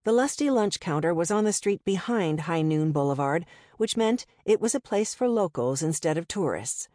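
A woman reading a novel aloud in the first person, in a steady, conversational storytelling manner. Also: fairly low pitch, moderate pace, no echo, clean studio sound. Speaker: audiobook narrator.

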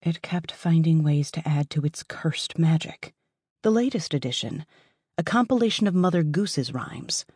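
A woman reads a fantasy audiobook as its narrator, with lively storytelling and rising emphasis. Her voice is slightly husky, and the recording is dry and close. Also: deep voice, moderate pace, no echo. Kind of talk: scripted narration.

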